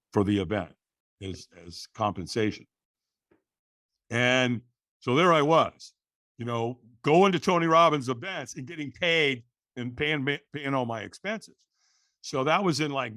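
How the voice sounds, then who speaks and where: Lively middle-aged man telling a story. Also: medium pitch, dry recording, studio quality. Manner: lively storyteller, animated, leans on fillers like "you know" and "right". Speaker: guest. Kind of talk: storytelling in conversation.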